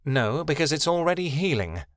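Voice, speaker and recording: A man voicing a proud, sharp-tongued female griffin in an audiobook, speaking curtly in a low, measured voice. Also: big pitch swings, no echo, clean studio sound. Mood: curt, gruff.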